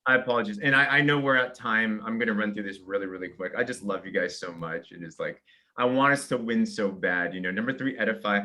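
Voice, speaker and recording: A man giving an energetic sales training talk, walking through simple steps and acting out example messages. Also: fairly low pitch. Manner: energetic, fast, acts out example invitations.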